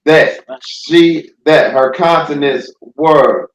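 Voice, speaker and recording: A man reading scripture aloud slowly, stumbling over words. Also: on the high side, roomy sound, highs cut off, background noise. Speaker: scripture reader.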